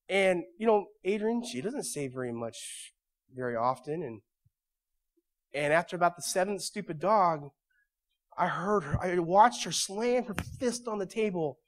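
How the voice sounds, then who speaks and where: A male pastor delivering a sermon in a church, moving from quiet storytelling to loud, emphatic preaching. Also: a little high, expressive, normal speed.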